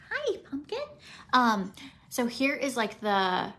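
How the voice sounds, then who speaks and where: A woman around forty, teary and emotional, rambling casually while doing her makeup at home and sometimes dropping to soft near-whispers. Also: a little high, big pitch swings, takes it slowly. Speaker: makeup vlogger.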